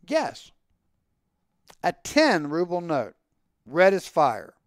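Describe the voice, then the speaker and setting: A man reads a story aloud in an expressive, animated manner. His voice sits high, with a smooth and resonant tone. The sound is dry and close, with no room echo. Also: a little slow. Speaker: story reader.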